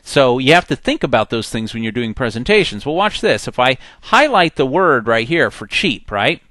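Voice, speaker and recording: A man teaching a software tutorial in a conversational, step-by-step way. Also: medium pitch, very animated, normal speed, no room sound. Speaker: software instructor. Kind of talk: screen-recorded tutorial.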